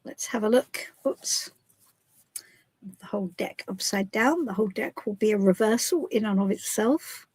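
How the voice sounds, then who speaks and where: A woman's voice: mid-range voice, moderate pace, darkish tone, breathy edge, no room sound, rough recording. A woman from the UK hosting a casual live stream as a tarot reader, chatty and giggly with many restarts. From United Kingdom.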